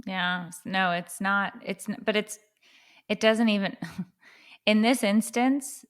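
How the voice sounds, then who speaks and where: A woman's voice: mid-range voice, takes it slowly, clean tone. A woman podcast co-host in casual chat, matter-of-fact and reassuring.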